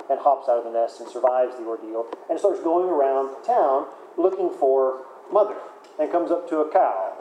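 A man's voice: medium pitch, expressive, a little fast, warm tone, lo-fi sound, slight background noise. Man preaching in an echoey hall. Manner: conversational preaching with repeated words and fillers. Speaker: pastor. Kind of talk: sermon.

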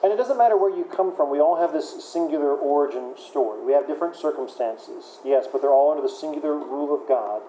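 A man's voice: a little high, fast talker, few pauses, warm tone, roomy sound, slight background noise, low-quality recording. A man preaching a sermon in a conversational way, often repeating words and using fillers. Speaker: pastor.

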